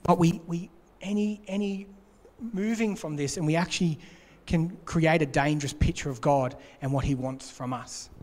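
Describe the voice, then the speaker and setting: A man's voice: fairly high pitch, steady tone, moderate pace, a little mellow. A man preaching a sermon in an earnest way, repeating his key points. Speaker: pastor. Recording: long hall reverb.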